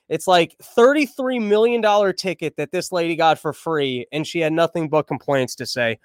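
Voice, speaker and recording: A man's voice: fairly high pitch, normal speed, few pauses, no room sound. A man hosting a podcast, riffing on the news in a crude, irreverent, rambling way. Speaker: podcast host. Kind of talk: comedic news commentary.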